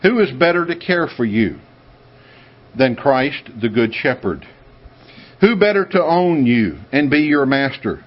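A man from the United States preaching a sermon in an emphatic way, with sudden high, excited bursts. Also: unhurried. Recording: dull lo-fi sound.

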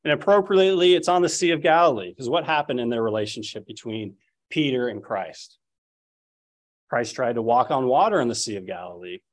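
Man, preacher, middle pitch, sermon, storytelling, dramatic quotes. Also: lively intonation, a little fast. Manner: storytelling, acts out the quoted lines. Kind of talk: expository sermon.

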